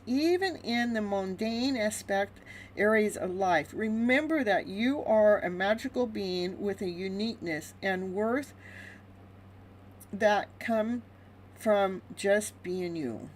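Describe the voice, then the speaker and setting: A woman hosting a live tarot reading, chatty and animated, laughing often as she talks to her viewers. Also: medium pitch, slight background noise, low-quality recording. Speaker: tarot reader.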